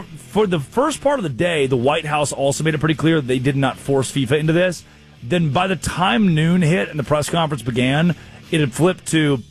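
A man hosting a casual comedic chat show, telling stories with lively voiced quotes. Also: fairly high pitch. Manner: animated storytelling, voices quotes. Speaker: show host.

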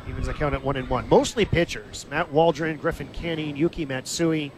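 A man calling live baseball play-by-play in a steady, conversational way, lifting his voice briefly when the action comes. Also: on the high side, fairly quick, a little hiss or hum. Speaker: play-by-play announcer. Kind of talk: live baseball radio commentary.

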